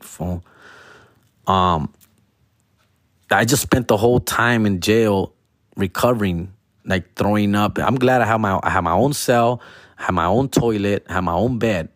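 A young man telling a story in a casual, slangy monologue, now and then breaking into loud exaggerated whines. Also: on the low side, dry recording, studio quality.

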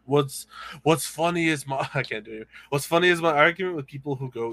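Bright-voiced man in casual banter. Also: on the high side, fairly quick. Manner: jokey, slips into playful impressions.

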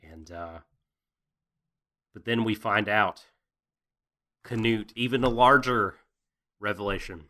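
A man's voice: on the low side, slow pace, pauses often, sharp tone. A man co-hosting a casual anime recap, jokey, profane and rambling. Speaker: podcast co-host.

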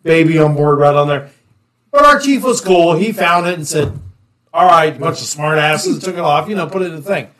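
A man's voice: a little high, animated, brisk, a bit bright, roomy sound, recorded from a distance. A man, a former police sergeant, telling stories in casual chat, laughing and acting out quotes. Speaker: retired police sergeant, podcast co-host.

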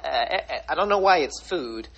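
A man's voice: a little high, animated, moderate pace, vocal fry, fairly bright tone, breathy edge, poor audio. Rambling man thinking aloud. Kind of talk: casual discussion.

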